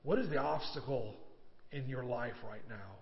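A male pastor preaching with earnest conviction, often sinking to a near-hush. His voice trails a long reverb through a church sanctuary. The sound is dull and lo-fi. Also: medium pitch, moderate pace, vocal fry. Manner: earnest, drops to a hush at key points. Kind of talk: sermon.

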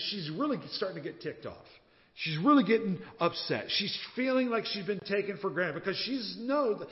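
Male preacher, storytelling sermon style, higher-pitched voice, lo-fi hall recording. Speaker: pastor. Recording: dull sound with long reverb.

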